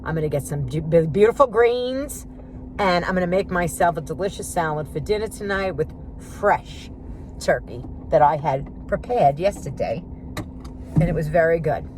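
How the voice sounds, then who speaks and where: A woman's voice: fairly low pitch, lively intonation, moderate pace, noisy background. A woman ranting sarcastically to her viewers on a phone vlog while she runs errands and then cooks at home. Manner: sarcastic, chatty, talks to viewers as friends. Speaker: vlogger. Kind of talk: casual vlog rant. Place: car and grocery store, then home kitchen.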